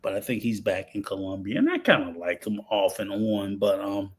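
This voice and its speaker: A podcast host in his fifties, with a lowish voice and lively intonation, chats casually. He halts with many fillers and restarts, then launches into a heated rant.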